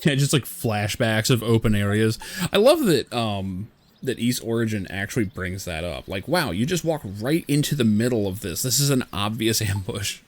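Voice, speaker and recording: A man's voice: on the low side, expressive, normal speed. A man streaming a video game, chatting casually with swearing and reading game text aloud. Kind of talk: casual gameplay commentary. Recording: game music behind voice.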